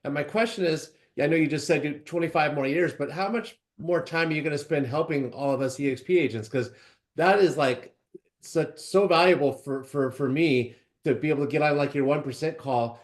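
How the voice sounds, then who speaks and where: A man's voice: a little high, a little fast. A man on a video call asking an earnest question, often repeating words as he talks. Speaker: real estate agent asking a question.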